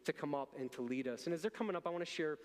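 Earnest pastor preaching in a reverberant church. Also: male voice, fairly high pitch, lively intonation, racing. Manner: earnest, conversational, repeats words when restarting. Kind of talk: sermon. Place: church sanctuary.

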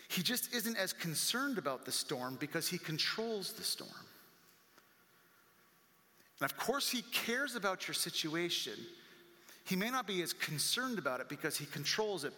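A male pastor preaching a sermon, animated and full of rhetorical questions. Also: a little high. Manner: animated, acts out quoted voices, rhetorical questions. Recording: long reverb of a large hall.

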